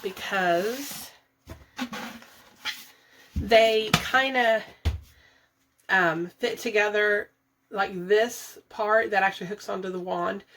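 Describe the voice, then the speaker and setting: A woman's voice: mid-range voice, vocal fry, fairly bright tone. A woman vlogging to her viewers while organizing her bathroom, chatty and thinking aloud, laughing often. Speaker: budget and declutter vlogger. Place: home bathroom. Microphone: camera set up nearby, moved around.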